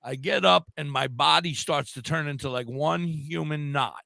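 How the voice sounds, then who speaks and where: A man's voice: fairly high pitch, moderate pace, creaky, bright, forceful tone, no room sound. An older man co-hosting a podcast, telling a funny story in a casual chat and laughing as he goes. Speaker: podcast co-host.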